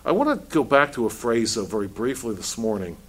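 A man's voice: mid-range voice, big pitch swings, brisk, husky. A man preaching to his congregation in a mid-range voice, firing off rhetorical questions. He often restarts his words as he presses each point home. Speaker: pastor. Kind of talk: sermon.

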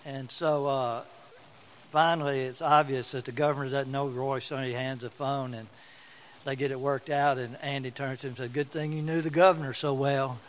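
A man's voice: medium pitch, fairly even intonation, moderate pace, slight background noise, low-quality recording. A man preaching a sermon as pastor, telling folksy stories and repeating words for emphasis.

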